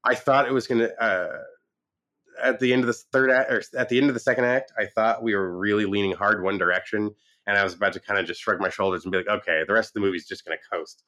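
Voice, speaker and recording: Animated, low-voiced man reviewing a film. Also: quick pace. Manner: animated retelling, acts out quoted lines; frequent restarts and fillers. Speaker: movie reviewer. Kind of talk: casual film review chat.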